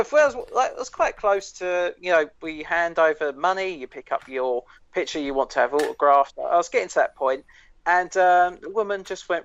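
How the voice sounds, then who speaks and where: A man's voice: a little high, no echo. A man co-hosting a podcast, telling rambling anecdotes with laughs and swearing. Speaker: podcast co-host. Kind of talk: casual chat, storytelling. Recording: dry, dull lo-fi podcast audio.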